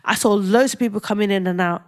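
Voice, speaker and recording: Young woman, podcast co-host, animated storyteller who acts out the scenes, mid-pitched voice. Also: quick pace. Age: young adult. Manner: animated, acts out quoted exchanges with rising intensity. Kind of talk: casual chat.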